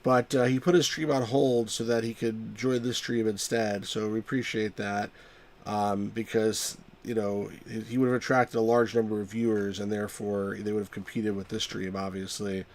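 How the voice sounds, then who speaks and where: A man's voice: on the low side, little pitch movement, normal speed, darkish tone. A man hosting a live game stream, rambling casually and poking fun at himself while chatting with viewers. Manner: rambling, self-mocking, chuckles often.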